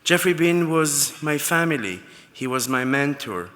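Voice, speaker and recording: A man's voice: fairly high pitch, expressive, unhurried, bright, forceful tone. Man in a reverberant hall. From Israel. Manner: anecdotal storytelling with fillers and restarts. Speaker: award recipient. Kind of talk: acceptance speech. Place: large banquet hall.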